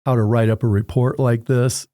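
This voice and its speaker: In studio-quality audio free of room sound, a man in home inspection tells animated stories from the job, voicing the dialogue himself. His pitch is medium and his speed normal.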